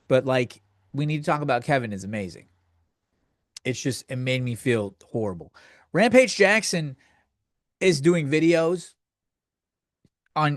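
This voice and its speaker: A man's voice: fairly high pitch, no room sound, clean studio sound. Crude sardonic man ranting on a podcast. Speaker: podcast host. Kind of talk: comedic rant.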